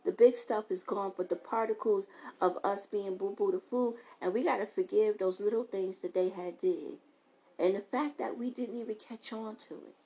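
A woman podcast host, giving an animated, preachy, comedic motivational monologue and laughing between lines. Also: medium pitch, normal speed, poor audio.

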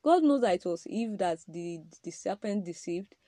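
A woman's voice: mid-range voice, lively intonation, moderate pace, dark tone, dry recording. A woman giving an emphatic, preaching-style podcast talk on marriage, addressing men directly with repeated rhetorical questions.

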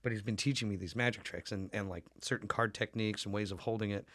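A man's voice: on the low side, fairly even intonation, quick pace, fairly bright tone, no room sound, clean studio sound. A young man telling loose, profane stories in a casual podcast chat, full of "um" and "like". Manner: loose, profane storytelling with lots of fillers.

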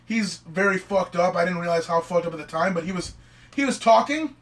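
A young man with a high, bright voice tells a story in rambling, excitable bursts, and he swears constantly along the way. He sits a little back from the mic. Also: a little fast. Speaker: storyteller among friends. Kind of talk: casual podcast chat. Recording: mic at a distance.

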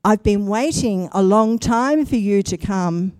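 A woman voicing a kind, patient old woodcarver who speaks softly and reassuringly in a storybook reading. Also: medium pitch, no echo, studio quality, close to an everyday voice. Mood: welcoming. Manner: soft, slow, reassuring.

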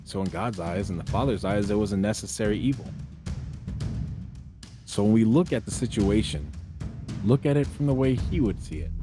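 A man's voice: fairly low pitch, animated, moderate pace, long pauses, over music. A man hosting a podcast, delivering an earnest, sermon-like spiritual monologue that exhorts listeners as brothers and sisters. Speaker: podcast host.

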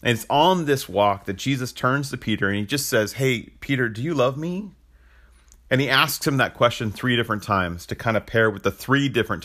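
Candid low-voiced man telling a story. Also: fairly bright tone. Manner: candid, reflective, with frequent restarts and chuckles. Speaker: podcast host. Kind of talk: personal storytelling.

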